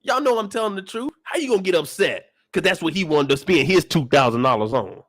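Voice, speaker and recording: Animated high-pitched man ranting. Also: a little fast, no echo. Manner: loud, animated, profane ranting with big pitch swings. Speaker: channel host reacting to a TV episode. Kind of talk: casual reaction commentary.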